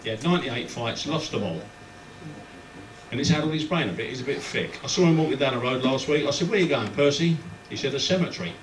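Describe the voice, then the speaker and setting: A man from London's East End, telling jokes as a stand-up comedian in short, clipped phrases on a club stage. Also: mid-range voice. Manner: brisk punchline delivery in short clipped phrases. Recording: roomy, distant live club recording with background noise.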